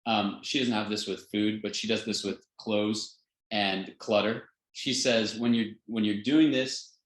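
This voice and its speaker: Low-voiced earnest male instructor. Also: steady tone, unhurried. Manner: earnest, chuckles often, many fillers and restarts. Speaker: health class instructor. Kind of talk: informal teaching talk. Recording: roomy echo.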